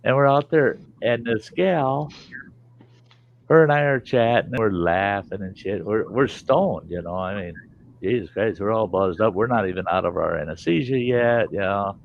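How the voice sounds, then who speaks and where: Host type: a low, gravelly man who tells salty, rambling stories in casual chat, on dull lo-fi stream audio. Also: normal speed, slight background noise. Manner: salty, rambling anecdotes with lively quoted voices.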